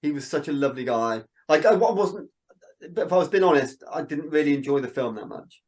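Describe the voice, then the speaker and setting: A man's voice: on the high side, fairly quick. Chatty man telling stories. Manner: animated storyteller, quotes people in dialogue. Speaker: interview guest, filmmaker. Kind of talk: casual interview chat.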